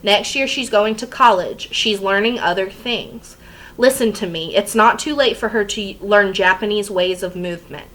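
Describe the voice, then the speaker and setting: A gentle mother who speaks quietly and patiently to calm her angry husband, read by a woman reading a novel aloud. Her voice is soft and steady, close to an ordinary reading voice. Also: mid-range voice, normal speed, lightly acted, poor audio. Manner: quiet, soothing.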